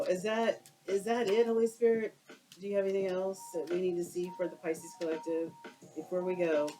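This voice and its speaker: A woman's voice: lowish voice, dark tone, rough recording. A woman doing a casual tarot card reading for her viewers, exclaiming and using slang as she turns the cards. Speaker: tarot reader.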